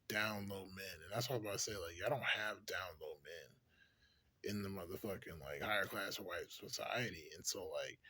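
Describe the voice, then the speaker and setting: Talking straight to the camera, a vlogger with a fairly low, slightly bright voice wanders through a casual monologue. He curses freely, fills his speech with "like," and laughs a lot between thoughts.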